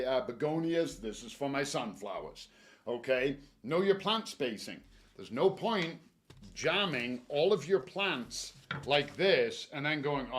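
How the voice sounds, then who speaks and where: Chatty man giving garden tips. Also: mid-range voice. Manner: chatty, joking, animated advice. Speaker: garden center staff presenter. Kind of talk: casual gardening talk. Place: garden store.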